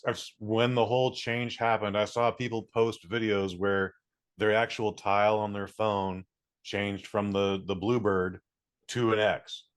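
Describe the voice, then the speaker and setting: A man's voice: fairly low pitch, level tone, a little slow, smooth. A man co-hosting a podcast in casual banter, a rambling storyteller who laughs easily. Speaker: podcast co-host.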